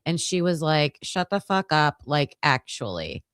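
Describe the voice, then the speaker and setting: A woman with a slightly low voice hosts a casual true-crime livestream. She reads case documents aloud, thinking aloud as she skims and restarting her sentences. The recording is dry and close. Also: big pitch swings, a little slow, fairly bright tone, dry recording. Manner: thinks aloud while skimming pages, hesitant restarts.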